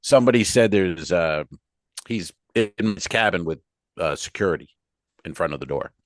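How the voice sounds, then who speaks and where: A man's voice: deep voice, moderate pace, dry recording, clean studio sound. A man, a comedian, telling a comic anecdote on a podcast over a video call, acting out the people he quotes. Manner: animated anecdote with acted-out quotes.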